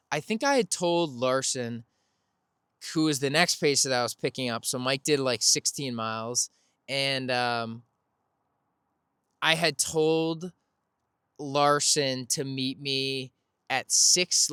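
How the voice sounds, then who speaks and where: A man's voice: medium pitch, sharp tone, clear, resonant tone, no room sound, studio quality. A man hosting a podcast, telling a casual, rambling story, correcting himself and laughing as he goes. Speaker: podcast host.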